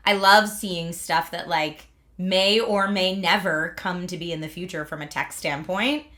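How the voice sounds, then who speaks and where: This thirtysomething livestream host from Pennsylvania speaks at a measured pace in a lowish, slightly bright voice. Her talk is casual, with frequent laughter and plenty of "like".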